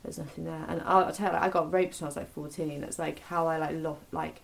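A young woman talks in a relaxed, open conversation, swearing freely and circling back with frequent restarts. Her voice sits low with a gravelly edge of fry. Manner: rambling, sweary, halting with many restarts. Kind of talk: casual confessional chat.

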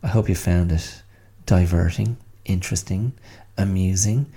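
A male podcast host talking alone in a wry, self-mocking way. His voice is low and gravelly with a dark, mellow tone, and he speaks at an unhurried, slow pace. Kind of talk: solo podcast monologue.

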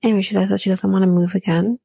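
A woman with a husky, gravelly voice recaps a reality show on her podcast, opinionated and profane. She often slips into a half-whisper as she talks. The sound is close and dry, with no room around it. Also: mid-range voice, fairly even intonation, racing, dark tone, no room sound. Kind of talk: casual recap commentary.

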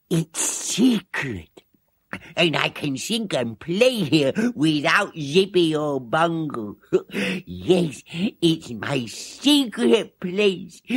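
A man voicing a shy, gentle male hippo puppet on a 1970s children's TV show, speaking softly and hesitantly in a confiding way. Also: sits high, exaggerated voice. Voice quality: soft, breathy and hesitant. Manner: slow, timid, confiding.

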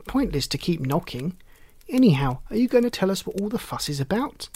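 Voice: mid-range voice, very animated, brisk, darkish tone, slightly rough, no echo, pitched above the performer's own voice. A storybook reader voicing Rosie, a blunt city girl who talks in a dry, scornful way. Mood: dismissive. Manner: dry, matter-of-fact, scornful.

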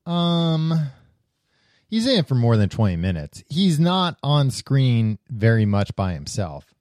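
A man's voice: medium pitch, sing-song, unhurried, a little mellow, no room sound, clean studio sound. A man co-hosting a casual film chat, laughing often and defending the movie with many fillers. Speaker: podcast co-host.

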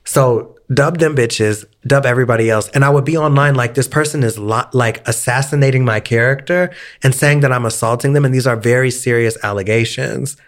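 A young man co-hosting a podcast, talking in a mid-range voice at an ordinary pitch. He tells his story in loose, casual chat, swearing freely. He puts on the voices of the people he quotes to make it more dramatic. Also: fairly quick, hardly any pauses. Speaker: podcast co-host.

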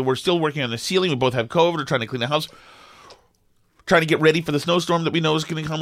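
A middle-aged man, co-hosting a podcast and telling a story in an animated, exasperated way with lots of restarts. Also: on the high side, dry recording, clean studio sound. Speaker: podcast co-host. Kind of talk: casual storytelling chat.

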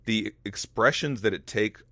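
A man hosting a casual conversation, asking questions and thinking aloud with halting restarts. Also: on the low side, pushed and bright, no room sound, studio quality. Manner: thoughtful, halting, many restarts.

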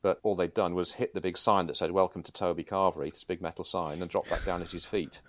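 A middle-aged man telling police stories as a podcast guest, in a measured, dry manner with some hesitations. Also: low voice, fairly even intonation, a little hiss or hum. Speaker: guest, former police sergeant. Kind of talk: anecdotal storytelling.

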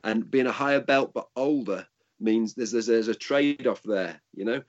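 An older man talks through his answers in a loose, practical way, often restarting his sentences. His voice sits at an ordinary pitch. The recording sounds a little dull and lo-fi. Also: normal speed. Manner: rambling, frequent restarts, practical. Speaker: martial arts instructor. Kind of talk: casual interview answers.

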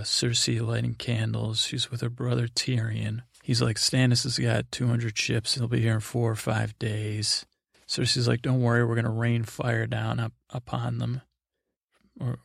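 A man hosting a sleep podcast, rambling through a meandering recap with offhand quick impressions of characters. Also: mid-range voice, gravelly, no echo, studio quality. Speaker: podcast host.

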